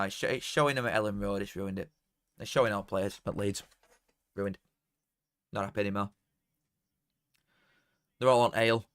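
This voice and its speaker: A man's voice: on the low side, steady tone, moderate pace, pauses often, clear, resonant tone, dry recording, studio quality. A young man, casually commentating on a live match and bantering with chat. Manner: banter with chat, swings from mutters to shouts. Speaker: watchalong streamer.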